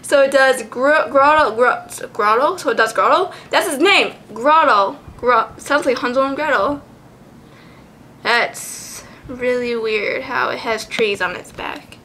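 A woman vlogger chatting casually, giggly and excitable, swearing freely as she goes. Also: high voice, takes it slowly, a little hiss or hum. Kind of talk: casual chat.

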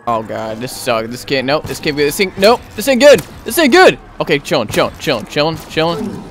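A young man giving gameplay commentary as a gaming YouTuber, excitable and slangy, often yelling in panic. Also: a little high, fairly quick, a little hiss or hum.

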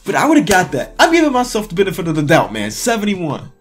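A man talks his way through a sports quiz, excitable and quick to cry out when he misses one. His voice sits a little high, and faint music plays under him. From Chicago area. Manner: excitable, talks to himself, cries out in frustration. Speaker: sports YouTuber. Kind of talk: casual quiz commentary.

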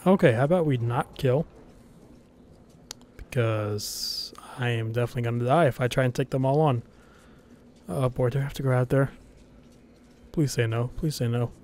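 A man narrating his own gameplay as it happens, in a casual, jumpy manner. He mutters to himself, swears freely and reacts out loud to each scare. His voice is at an ordinary middle pitch. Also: moderate pace, pauses often, slight background noise. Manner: nervous self-talk, frequent swearing, reacting aloud to the game. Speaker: let's play gamer. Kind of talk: casual live gameplay commentary.

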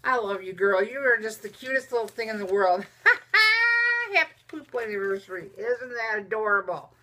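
A woman's voice: medium pitch, brisk, sharp tone. A woman chatting casually as she opens mail from friends, cooing over each gift and talking to the viewers and the objects as she unwraps them. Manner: chatty, cooing and gushing over small gifts. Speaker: vlogger opening mail from friends. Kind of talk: casual unboxing chat.

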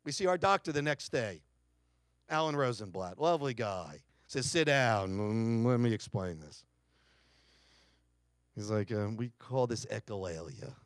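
A man's voice: lowish voice, lively intonation, measured pace, no room sound, clean studio sound. A middle-aged man giving a keynote talk, telling a family story dramatically and acting out quotes. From United States. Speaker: keynote speaker. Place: lecture hall.

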